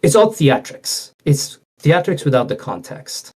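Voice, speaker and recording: A man's voice: fairly high pitch, very animated, measured pace, darkish tone, husky. Man explaining politics in a lecturing way. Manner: explanatory, lecturing, acts out quoted speakers. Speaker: political commentator guest. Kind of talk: conversational political discussion.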